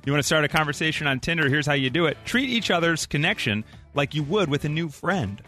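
A man's voice: a little high, expressive, fast, bright, forceful tone, faint music behind. A man hosting a morning radio show, bantering playfully and reading a list with mock drama.

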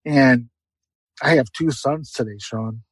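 Earnest husky middle-aged man. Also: medium pitch, slow pace, no room sound, rough recording. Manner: earnest, heartfelt, repeats phrases for emphasis. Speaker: guest. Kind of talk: emotional personal testimony.

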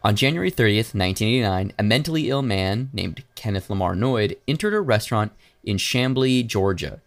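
A man co-hosting a podcast, telling a crime story in casual chat and acting out loud, profane quotes. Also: on the low side, lively intonation, brisk. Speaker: podcast co-host.

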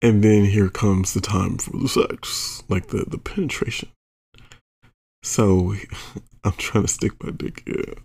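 Gravelly, husky man telling a story slowly. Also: on the low side, fairly even intonation, darkish tone. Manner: profane, exasperated storyteller who acts out quotes. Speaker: podcast host. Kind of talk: explicit comedic storytelling monologue.

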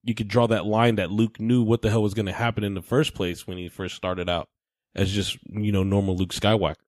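A man's voice: on the low side, flat delivery, brisk, a little mellow, no room sound, studio quality. A man co-hosting a podcast in casual chat, laid-back, laughing often and swearing easily. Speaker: podcast co-host.

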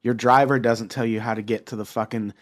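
A man hosts a loose, casual podcast conversation. He talks bluntly, swears freely and laughs often, and his voice sits at an ordinary pitch. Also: flat delivery, fairly quick. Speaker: podcast host. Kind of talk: casual chat.

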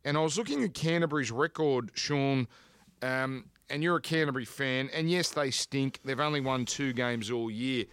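A man's voice: medium pitch, normal speed, a bit bright, clear, resonant tone. A man with an Australian accent hosting a sports betting podcast in casual, jokey banter, restarting his sentences.

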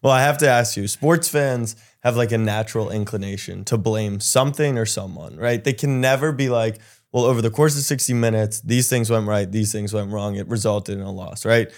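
A man's voice: fairly low pitch, brisk. A man hosting a podcast, asking long setup questions in a casual, curious way. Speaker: podcast host. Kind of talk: casual interview chat.

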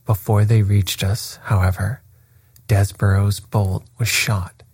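A man reading a classic detective story aloud as narrator, in a steady, unhurried way. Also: lowish voice, breathy edge, no echo. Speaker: audiobook reader. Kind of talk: scripted narration.

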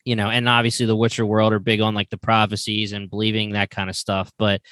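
A man co-hosting a podcast, rambling through an animated retelling in casual chat. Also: fairly low pitch, fast talker, no room sound. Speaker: podcast co-host.

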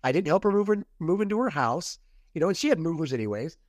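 A man's voice: fairly high pitch, lively intonation, fast talker, dry recording, clean studio sound. Man recounting a past relationship. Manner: rambling retelling with quoted dialogue and restarts. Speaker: podcast guest. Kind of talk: casual storytelling interview.

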